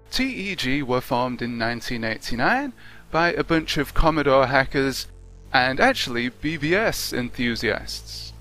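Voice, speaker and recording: A man talking through a video game review off the cuff, his voice bright and forward. His tone is wry and conversational, with a mid-range pitch. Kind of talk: unscripted video review narration.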